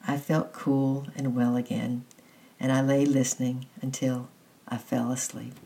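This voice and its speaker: A storybook reader reading a children's novel aloud chapter by chapter, in a gentle manner. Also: medium pitch, little pitch movement, measured pace, vocal fry, rough recording. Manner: gentle, affectionate sign-off.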